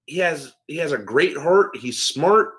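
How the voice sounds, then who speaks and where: A man's voice: on the high side, animated, a little slow, a bit bright. A man co-hosting a casual podcast chat, emphatic and swearing in nearly every sentence.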